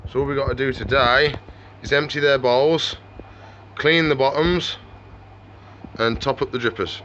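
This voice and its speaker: A man chats casually on camera and keeps talking to his animals. His voice is bright and forward. A faint hum of background noise sits under it. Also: medium pitch, steady tone, unhurried, dull audio. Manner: chatty, talks to his animals. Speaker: reptile shop owner. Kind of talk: casual vlog chat.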